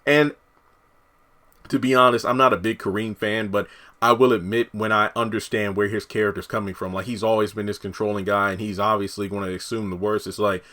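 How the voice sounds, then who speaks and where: Low-voiced guy recapping a tv episode, rambly, lots of ums and you knows. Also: fairly even intonation, a little fast, pushed and bright. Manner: rambling, many fillers and restarts. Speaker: TV episode reviewer.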